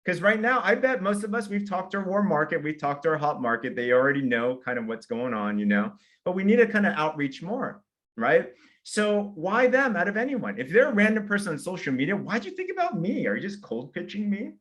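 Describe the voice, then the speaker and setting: A man giving an energetic sales training talk, walking through simple steps and acting out example messages. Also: high voice. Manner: energetic, fast, acts out example invitations.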